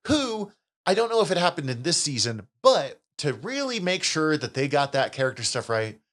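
A man co-hosting a casual podcast chat. His pitch swings widely as he gets worked up. He laughs often and swears casually as he talks. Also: very animated, moderate pace, fairly bright tone. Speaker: podcast co-host.

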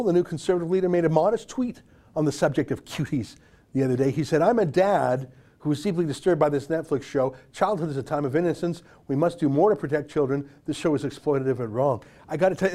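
A man's voice: fairly high pitch, warm tone. A man delivering an opinion monologue as a political commentator, sarcastic and incredulous, firing rhetorical questions.

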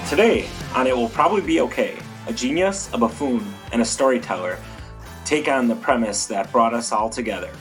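A man's voice: medium pitch, lively intonation, a little fast, music in the background, rough recording. Upbeat man hosting a podcast. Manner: upbeat, announcing. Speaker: podcast host. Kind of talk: show intro and chat.

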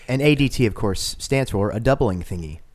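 A man's voice: on the low side, animated, brisk, darkish tone. A man in casual podcast chat, adding dry joking asides. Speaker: podcast co-host.

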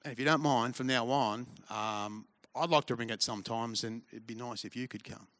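A man doing God, low, soft and gentle. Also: normal speed, lightly acted. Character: God, gentle calm male divine voice.

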